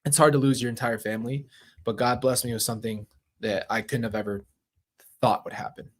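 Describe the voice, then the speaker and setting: A man's voice: mid-range voice, steady tone, brisk. A man hosting a livestream, speaking to his viewers in casual, heartfelt chat and often repeating himself. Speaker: livestream host.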